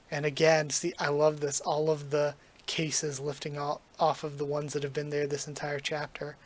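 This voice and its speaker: A man reacting to a manga as he reads it through, excited and gushing, emotional and near tears, tripping over his words. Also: fairly high pitch, moderate pace, hardly any pauses.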